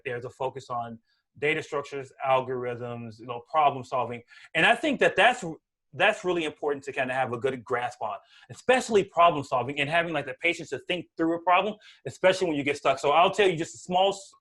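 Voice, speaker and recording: Fast-talking animated man giving career advice. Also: a little high. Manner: fast, animated, lots of "like" and "right?". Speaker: guest speaker, Angular developer. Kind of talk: casual career advice in a meetup. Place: home room.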